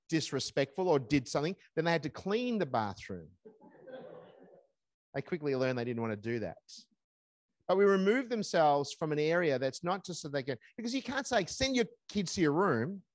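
An older man giving a parenting seminar, talking conversationally and acting out calm parent dialogue. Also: fairly high pitch, dry recording, clean studio sound. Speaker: seminar speaker.

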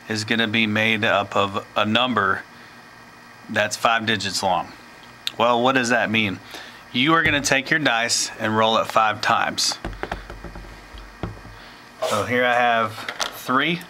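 Slow-talking man explaining step by step. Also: mid-range voice, bright, forceful tone, slight background noise, low-quality recording. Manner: slow, plain explaining with asides. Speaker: teacher. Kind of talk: step-by-step tutorial.

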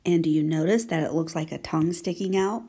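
A woman teaching young children to write letters, speaking gently and encouragingly and often asking if they can see. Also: low voice, husky. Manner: gentle, slow and encouraging, asking many check questions. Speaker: handwriting teacher. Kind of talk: children's handwriting lesson.

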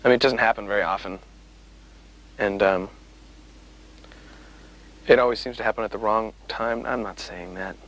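A man's voice: on the low side, fairly even intonation, moderate pace, long pauses, fairly bright tone, poor audio. A man being interviewed as a musician, telling stories in a wry, rambling way with lots of fillers. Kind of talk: casual interview chat.

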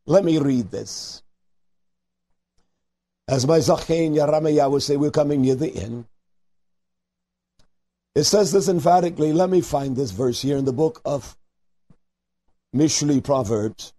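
Male radio preacher, high husky rasp, dark tone; fiery call-in sermon, swings loud to low. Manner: fiery, rising to near-shouts, then dropping low and slow; mixes Hebrew terms into scripture reading. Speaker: radio preacher taking calls.

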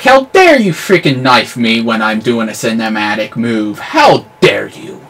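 A man giving live commentary over his own gameplay, excitable and yelling at the game, with clean substitute swears. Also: medium pitch, unhurried, few pauses, a little hiss or hum. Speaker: gamer.

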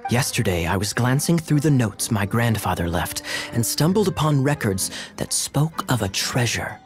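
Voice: medium pitch, sing-song, moderate pace, lightly acted. An actor voicing a dramatic, secretive young man who boasts about a pirate grandfather in a game. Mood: storytelling. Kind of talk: game dialogue. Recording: game audio with faint music.

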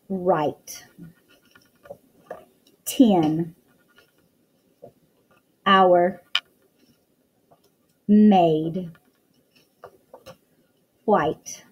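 A woman's voice: on the low side, highs cut off, slight background noise. A woman teacher reading a picture book aloud to young children, full of exclamations and questions to the listener.

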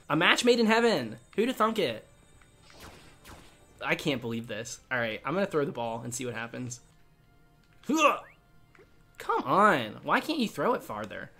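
Man, gaming commentary, excitable, chatty, animated pitch, faint background music. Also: normal speed, pauses often. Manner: excitable, chatty, coos at on-screen creatures. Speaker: gaming YouTuber.

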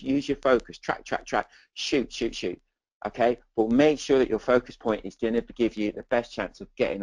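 A man's voice: lowish voice, a little mellow, no echo, low-quality recording. Chatty, enthusiastic male dog photographer. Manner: chatty, enthusiastic, many "okay"s and "literally"s. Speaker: dog photographer teaching a webinar. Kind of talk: presenting slides in a webinar.

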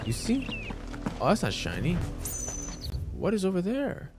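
Male gamer, let's-play commentary, lively, unhurried, crude and joking. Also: sits high, over music. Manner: playful, crude, excitable, talks to the characters. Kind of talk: casual gameplay commentary.

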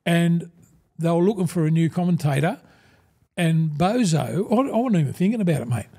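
Older Australian man, dark mellow tone, fairly high voice, animated storyteller, acts out dialogue, casual interview. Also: normal speed, creaky. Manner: animated yarn-spinner, acts out quoted dialogue, says "mate" constantly. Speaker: guest, former rugby league player and broadcaster.

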